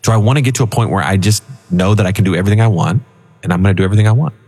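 A man co-hosts a financial radio show, chatting animatedly. His voice sits low with a husky grain. A long hall reverb lingers on his words. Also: rapid-fire. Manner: animated storytelling with laughs. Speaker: financial advisor co-host. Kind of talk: casual radio chat.

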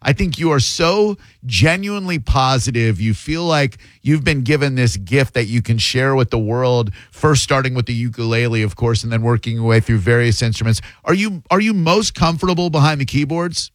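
A man's voice: medium pitch, normal speed, hardly any pauses, no room sound. A man hosts a casual interview, joking around and cursing in a loose, friendly way. His voice sits in a middle range. The sound is dry and close, with no room in it. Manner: jokey, loose, swears casually. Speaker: interviewer host.

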